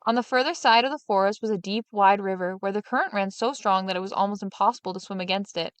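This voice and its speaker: A woman reading a fairy tale aloud as a storyteller, in a steady, even narration. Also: medium pitch, quick pace, clear, resonant tone, dry recording.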